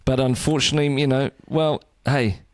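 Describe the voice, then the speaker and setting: A man's voice: mid-range voice, steady tone, normal speed, no room sound, clean studio sound. A man co-hosting a rugby podcast, cheeky and crude in casual banter. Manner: cheeky, crude, laughing joker. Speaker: podcast co-host.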